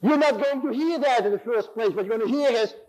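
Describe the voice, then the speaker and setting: A man's voice: very high voice, quick pace, a little mellow, poor audio. A man in his sixties giving an impassioned sermon in a church, building on repeated phrases and acting out inner voices. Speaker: preacher.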